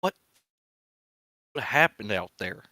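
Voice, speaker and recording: A worried town governor in a tabletop adventure, put on by the man running the game. His voice sits low with a bright, forceful edge, and he asks practical questions. The sound is dry and close. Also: sing-song, takes it slowly, no echo, exaggerated voice. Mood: concerned. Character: concerned middle-aged male town governor.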